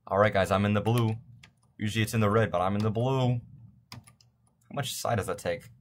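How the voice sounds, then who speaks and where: A man's voice: fairly low pitch, normal speed, slight background noise. A young man casually commenting on a game from his bedroom, rambling and making self-deprecating jokes. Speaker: let's play gamer.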